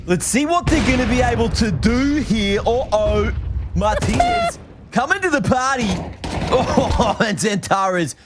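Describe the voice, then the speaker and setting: A man's voice: high-pitched, lively intonation, quick pace, hardly any pauses, very noisy. An esports caster putting on a hammy mock accent for his play-by-play, with a spitty delivery. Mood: hammy, excited. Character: over-the-top male caster with a mock accent. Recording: gunfire from the game loud behind.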